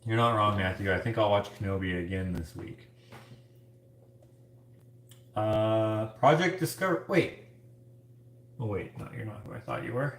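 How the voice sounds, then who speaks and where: A man's voice: lowish voice, unhurried, long pauses, fairly bright tone, echoey room, slight background noise. A man hosting a casual livestream from his home kitchen, washing dishes while he reads comments and rambles, full of filler words like "like". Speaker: streamer and host.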